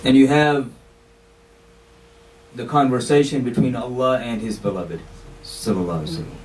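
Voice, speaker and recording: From the pulpit of a mosque, a man gives an explanatory sermon in a conversational style, often saying "you know" and using Arabic phrases. His voice is medium-pitched and darkish at a moderate pace, picked up by a distant mic with faint background noise.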